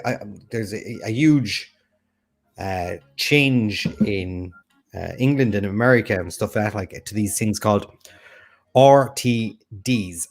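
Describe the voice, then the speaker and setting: A man co-hosting a music quiz stream, bantering and teasing in a casual chat. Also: on the low side. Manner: joking, teasing, quick asides. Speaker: quiz show co-host.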